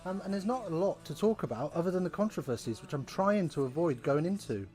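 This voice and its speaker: A man's voice: fairly high pitch, expressive, fast, mellow, soft background music. A man hosting a live rugby watch-along from home, chatting casually with rambling, wry asides.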